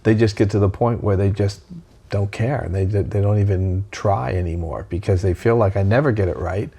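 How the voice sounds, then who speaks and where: An older man, a trauma expert, talking in a relaxed interview and acting out quoted lines in lively voices. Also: fairly low pitch, normal speed, gravelly, breathy edge. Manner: animated, acts out quoted voices. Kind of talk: conversational interview.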